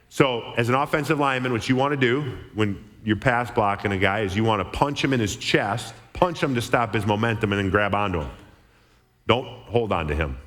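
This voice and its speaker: Man, middle-aged, animated storyteller, church speaker, long hall reverb. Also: lowish voice, fairly quick. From Minnesota. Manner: animated, chatty, frequent "okay?" asides. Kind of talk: storytelling sermon talk. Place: large church auditorium.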